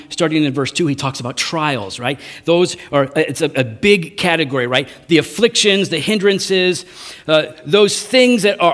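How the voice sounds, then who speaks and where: Male pastor, sermon delivery, chatty and direct, slightly raised pitch. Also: a bit bright. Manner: conversational, frequent "right?" tags. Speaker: preacher.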